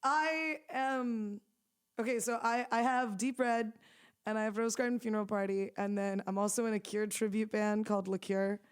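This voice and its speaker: A woman's voice: mid-range voice, steady tone, normal speed, clean tone. A young woman musician chatting in an interview, rambling with lots of "like" fillers and frequent laughs. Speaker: musician guest. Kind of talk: casual interview chat.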